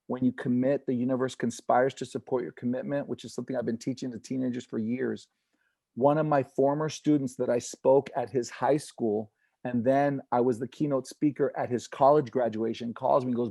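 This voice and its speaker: An earnest man who is a comedian and inspirational speaker gives a motivational talk over a video call. His voice is mellow and relaxed, sitting in a middle pitch and recorded dry and close. He acts out the people he quotes with lively voices. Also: vocal fry, no room sound.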